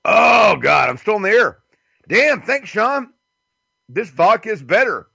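A man hosts a casual talk radio show in a slow, rambling drawl, his pitch swinging widely as he wanders between thoughts with fillers and chuckles. The sound is dry and close, with a dull lo-fi tone. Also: very animated, creaky, sharp tone, breathy edge, no room sound.

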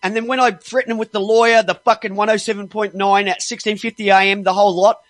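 High-voiced man ranting, dry sound. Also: little pitch movement, fast, fairly bright tone, dry recording. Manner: heavily profane, exasperated; restarts and stumbles when worked up. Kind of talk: angry ranting monologue.

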